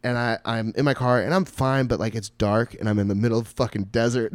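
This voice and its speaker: Animated man telling a profane story. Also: mid-range voice, quick pace, clear, resonant tone, dry recording, studio quality. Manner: animated, swearing, lots of "like" fillers. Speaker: stand-up comedian. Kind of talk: casual storytelling chat.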